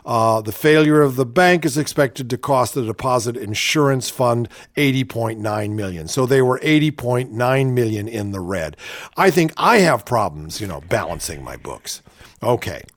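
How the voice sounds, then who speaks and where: A man's voice: mid-range voice, normal speed, dry recording. Wry man reading satirical news, dry sound. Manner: wry, deadpan news delivery. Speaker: radio comedy co-host.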